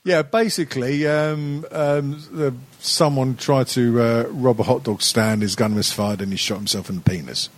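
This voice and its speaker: A man's voice: medium pitch, normal speed, hardly any pauses. A tipsy man co-hosting a podcast in casual chat, sweary and rambling with many hesitations. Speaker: podcast co-host.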